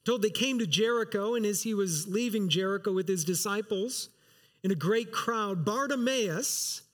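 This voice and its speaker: A man preaching an earnest sermon as pastor, reading scripture aloud and driving his points home with emphasis. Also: high voice.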